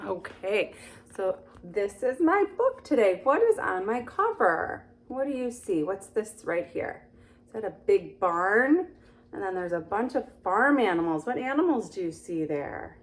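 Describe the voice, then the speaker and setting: A woman hosting storytime who reads a picture book aloud in a slow, sing-song way and keeps asking the little listeners questions. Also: medium pitch, very animated. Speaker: storytime host for young children.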